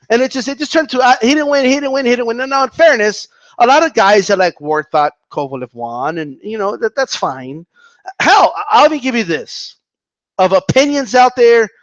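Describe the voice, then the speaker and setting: A man's voice: no room sound, muffled recording. A man ranting about boxing in casual commentary, argumentative and mocking, often repeating himself. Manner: animated, argumentative, mocks opponents in high voices.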